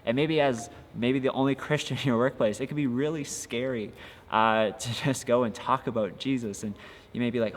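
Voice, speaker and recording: Earnest young youth pastor, reverberant room. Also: male voice, mid-range voice, fairly even intonation, moderate pace. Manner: earnest, encouraging, many filler "uh"s. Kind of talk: casual devotional podcast talk. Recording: long reverb with faint ambient noise.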